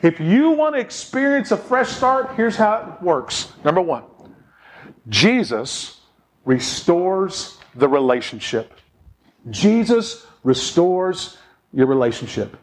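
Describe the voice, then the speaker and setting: A man's voice: sits high, big pitch swings, slow pace. A man preaching a sermon, telling a story with lots of rhetorical questions and emphatic repetition. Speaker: pastor.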